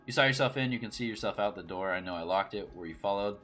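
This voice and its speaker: A man's voice: on the low side, fast, bright, forceful tone, soft background music. A man voicing a suspicious, haunted old grandmother in a game, speaking curtly and defensively. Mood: hostile. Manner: curt and defensive, turning weary. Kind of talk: reading game dialogue aloud.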